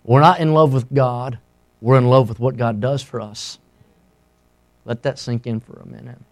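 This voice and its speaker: A middle-aged man preaching a sermon as a pastor, impassioned and swinging between loud and hushed. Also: medium pitch, steady tone, normal speed.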